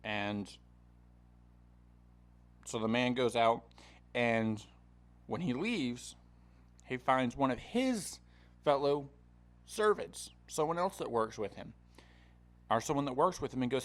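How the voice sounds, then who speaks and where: A man's voice: mid-range voice, animated, slow, long pauses. A man hosting a podcast, retelling a parable in a loose, chatty style with frequent fillers. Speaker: podcast host. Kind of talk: casual Bible teaching.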